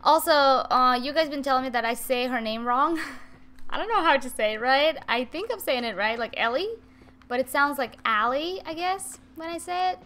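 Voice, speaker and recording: A young woman giving chatty, excitable let's-play commentary, talking to her viewers and shushing her cats. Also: high-pitched, moderate pace. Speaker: gaming video host. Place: home room with cats nearby.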